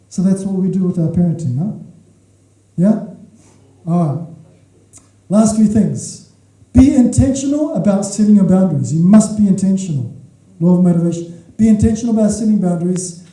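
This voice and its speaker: Pastor guy preaching, says his points twice, keeps asking the crowd yeah?, high voice, super dark tone. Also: moderate pace. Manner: emphatic, repeats key points, checks in with the audience. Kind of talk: sermon. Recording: echoey hall from far off.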